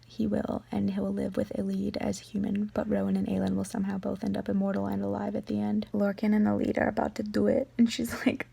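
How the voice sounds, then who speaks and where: A woman's voice: mid-range voice, level tone, fast talker, vocal fry, few pauses, warm tone, husky. A young woman in her bedroom, chatting emotionally and gushing about a book she is reading, with lots of filler words. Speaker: book vlogger. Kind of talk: casual reading vlog.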